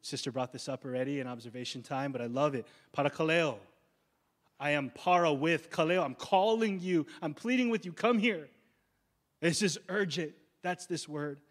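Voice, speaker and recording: A man's voice: on the high side, moderate pace. Slangy, emphatic male pastor. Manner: casual slangy preaching, rising to emphatic declarations. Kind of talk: sermon.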